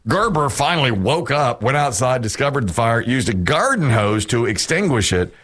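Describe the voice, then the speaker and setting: A man's voice: mid-range voice, moderate pace. A man hosting a radio show, chatting casually and joking, often laughing. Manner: jokey, animated, laughs often. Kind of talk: casual chat.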